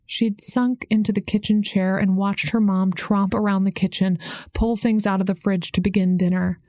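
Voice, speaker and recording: A woman reading a story aloud as an audiobook narrator, in steady storytelling narration. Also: medium pitch, normal speed, dry recording, studio quality. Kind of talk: scripted narration.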